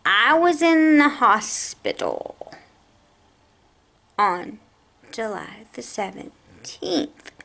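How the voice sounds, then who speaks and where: A woman's voice: on the high side, a bit bright. A woman telling an angry story about a medical bill, talking in a heated, exasperated way with her voice raised. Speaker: vlogger. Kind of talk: angry personal rant to camera.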